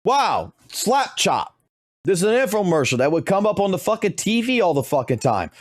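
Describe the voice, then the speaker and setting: A man's voice: sits high, big pitch swings, quick pace, dry recording. Fired-up streamer guy, swearing nonstop, voice jumps all over, dry close sound. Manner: heated, heavily profane ranting. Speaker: game streamer. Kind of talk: ranting reaction commentary.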